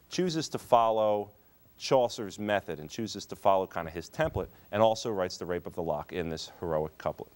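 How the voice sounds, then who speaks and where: A male teacher giving a lecture on poetry, explaining terms step by step and leaning on the key words. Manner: explanatory, stresses key terms with lively rises in pitch. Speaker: English teacher.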